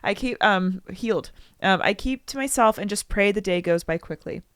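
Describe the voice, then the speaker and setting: A woman's voice: mid-range voice, normal speed, smooth, no echo, studio quality. Chatty young woman reading a story aloud. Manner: chatty, breaks off to joke and comment, acts out quotes loudly. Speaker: podcast co-host reading a listener story. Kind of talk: casual chat, reading aloud.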